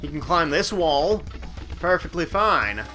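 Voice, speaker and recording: A man's voice: fairly high pitch, big pitch swings, a little slow, pushed and bright. A man hosting a let's play, casually commenting on his gameplay with rambling, self-mocking asides. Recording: game music playing underneath. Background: game music.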